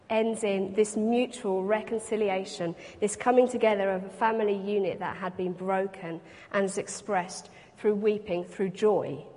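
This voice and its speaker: A woman preaches a reflective sermon in a medium-pitched, slightly mellow voice, first reading scripture to the congregation and then expounding on it. The sound carries a long hall reverb.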